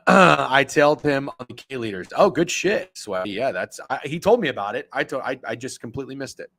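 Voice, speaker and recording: A man's voice: mid-range voice, animated, a little fast, fairly bright tone. A man hosting a sports betting livestream, talking loosely and swearing as he reads chat. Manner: loose, profane, chatty, reads chat aloud. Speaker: sports betting show host. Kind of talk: casual livestream chat with viewers.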